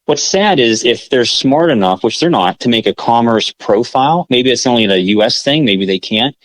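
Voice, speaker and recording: A man's voice: mid-range voice, expressive, moderate pace, no echo, low-quality recording. An American man co-hosting a podcast in casual chat, rambling and correcting himself with lots of filler. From United States. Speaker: podcast co-host.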